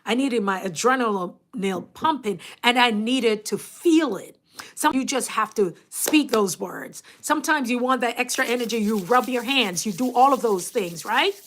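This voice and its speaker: A woman's voice: on the high side, moderate pace. Chatty Jamaican woman livestreaming. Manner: chatty and animated, laughing often, greeting viewers. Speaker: YouTube coach and livestream host. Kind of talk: casual livestream chat.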